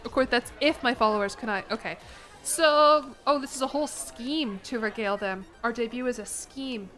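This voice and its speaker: Soft music and some background chatter accompany this poorly recorded game stream, where a young adult woman speaks at an ordinary speed. She teases herself playfully, laughing in animated bursts as her pitch jumps around.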